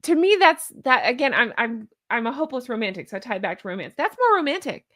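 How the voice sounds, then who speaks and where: A chatty woman hosting a livestream, her voice rising and falling a great deal and sitting a little high. The sound is dry and close. She jokes and greets viewers as she goes. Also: big pitch swings, fast talker, a bit bright, no room sound. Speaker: host of a commentary channel. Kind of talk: casual livestream chat.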